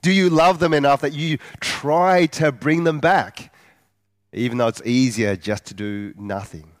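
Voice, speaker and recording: A man delivering a sermon at an unhurried, deliberate pace, leaning on rhetorical questions and drawn-out words for emphasis. His voice sits at a middle pitch and is recorded close and dry, with no room sound. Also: no room sound. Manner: earnest, measured preaching with rhetorical questions; slows down for emphasis. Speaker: preacher.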